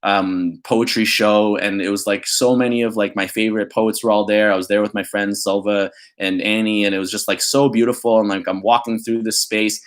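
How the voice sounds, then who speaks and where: A man's voice: lowish voice, little pitch movement, moderate pace, hardly any pauses. A young man vlogging candidly, rambling and filling his talk with "like" before reading his own poem. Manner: rambling, full of "like" fillers. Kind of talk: candid reflective vlog with poetry reading.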